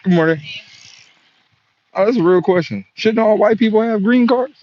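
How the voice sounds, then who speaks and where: A man delivering a profane, animated comedic monologue, often exclaiming. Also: high-pitched, fairly quick, no echo, muffled recording.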